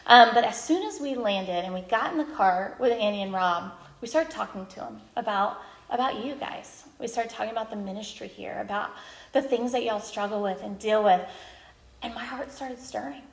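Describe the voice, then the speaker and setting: A woman in her thirties, a speaker at a women's ministry gathering, giving a candid, self-deprecating personal testimony with lively storytelling. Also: a little high, moderate pace, gravelly, echoey room.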